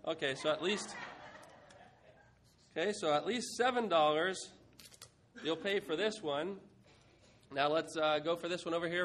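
Animated man preaching, fairly high voice. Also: slight background noise. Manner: lively, playful, shifts from quiet reflection to brisk auctioneering. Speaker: pastor. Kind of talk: sermon with a mock auction.

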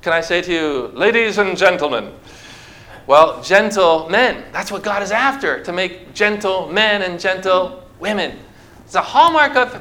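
In church, a pastor speaks straight to his congregation in a conversational preaching manner. His voice is high and bright, and he leans heavily on rhetorical questions and hands-on object lessons.

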